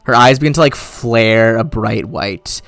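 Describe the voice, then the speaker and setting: A man narrating as game master of a live tabletop game, relaxed with many fillers. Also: mid-range voice, a little slow, vocal fry, no echo.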